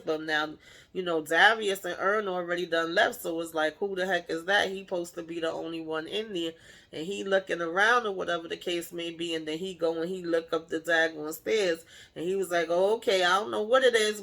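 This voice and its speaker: A woman recapping a TV episode in casual chat, acting out the characters' lines with animated shifts in voice and laughing along. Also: on the low side. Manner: animated retelling, playfully acts out the characters' lines; laughs while retelling. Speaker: TV show recapper.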